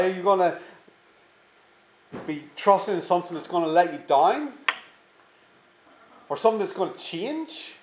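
A man preaching a sermon, earnest and emphatic, slowing down to stress key words. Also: on the high side, lively intonation, a little mellow, echoey room, rough recording. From England.

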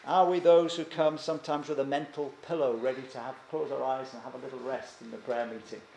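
A man's voice: medium pitch, fairly even intonation, fairly quick, vocal fry, warm tone, a little hiss or hum. A man preaching a sermon earnestly, often asking his listeners questions. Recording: echoey church room, faint ambience.

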